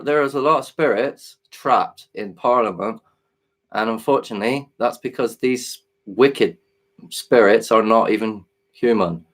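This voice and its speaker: A man hosting a live stream, talking earnestly and hesitantly while working his software, with frequent restarts. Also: medium pitch. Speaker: livestream host.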